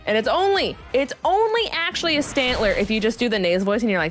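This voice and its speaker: A young woman giving bubbly, animated gameplay commentary as a video creator, laughing often. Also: fairly high pitch, normal speed, soft background music.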